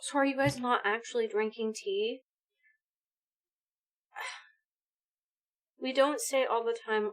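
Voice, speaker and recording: Chatty fairly high-voiced woman streaming a game, excited and exclamatory with chat. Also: a little slow, long pauses. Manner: animated, exclamatory, chatty with viewers. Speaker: live streamer. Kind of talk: casual gaming stream chat.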